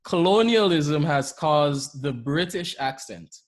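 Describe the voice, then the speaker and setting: A man's voice: on the high side, expressive, slow pace. A man from Saint Lucia with a Saint Lucian accent, telling stories animatedly in a casual podcast chat and often laughing as he talks. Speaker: podcast co-host.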